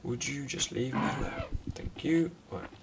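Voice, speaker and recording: A man giving sarcastic, self-mocking commentary over a game he plays, breaking into quick outbursts at it. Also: medium pitch, gravelly, distant mic, heavy background noise. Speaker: gaming commentator. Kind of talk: let's play commentary.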